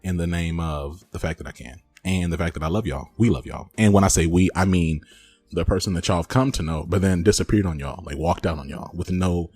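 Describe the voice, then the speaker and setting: A man's voice: low voice, brisk, a little mellow, breathy edge, faint music behind. A man hosting a podcast, chatting casually and teasing his co-host with frequent laughs. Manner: playful, teasing, laughs often.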